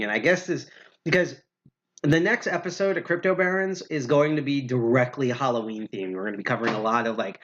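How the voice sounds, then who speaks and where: A man's voice: mid-range voice, a bit bright. Rambling, profane man on a lo-fi stream. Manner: rambling, profane, self-correcting. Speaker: podcast host. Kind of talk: casual livestream talk.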